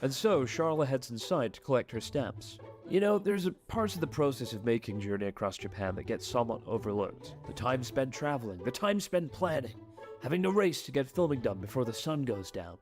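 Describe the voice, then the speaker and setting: A man's voice: medium pitch, animated, brisk, a little mellow. A man giving a scripted, sardonic voice-over narration and swearing now and then. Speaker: vlogger narrating. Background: background music.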